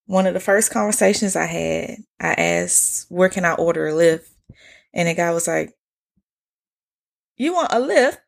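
Speaking in a gravelly, mid-range voice, an American podcast host with an Atlanta Southern accent tells stories on her casual solo show. She's chatty and candid, using slang and swearing freely.

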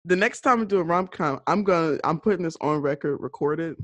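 A woman's voice: brisk, no room sound. A woman co-hosting a podcast, joking and acting out her own reactions while reviewing a movie. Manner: expressive, jokey, leaps up in pitch when acting out reactions. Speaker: podcast co-host. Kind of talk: casual movie review chat.

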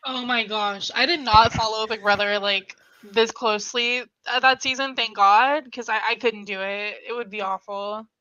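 A woman co-host making relaxed, laughing asides in a casual podcast chat. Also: fairly high pitch, normal speed, hardly any pauses, highs cut off, a little hiss or hum.

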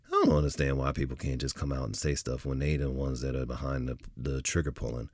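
A man's voice: a bass voice, level tone, quick pace, breathy edge, no room sound, studio quality. A middle-aged man hosting a podcast, telling a personal story in a reflective, candid way with frequent restarts. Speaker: podcast host. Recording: music bed playing underneath.

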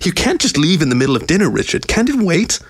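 A man's voice: medium pitch, animated, moderate pace, creaky, husky, dry recording. A man voicing Cyan, a cold and dismissive woman who speaks sharply and impatiently in a storybook reading. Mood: annoyed.

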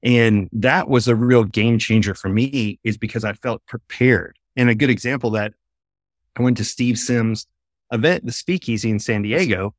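Male podcast guest, eager storyteller, middle pitch, dry sound, video call. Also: normal speed, dry recording. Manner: animated storyteller, eager and explanatory. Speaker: podcast guest, face-reading trainer. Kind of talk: casual interview chat. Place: home office with a bookshelf.

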